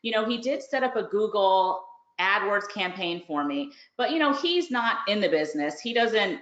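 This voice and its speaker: A chatty woman tells a story on a live webinar, acting out the calls in quick bursts. Her voice sits in the middle of the range. The audio is roomy and a little dull. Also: medium pitch, expressive, a bit bright. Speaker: course reviewer and online business host. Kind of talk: casual webinar talk.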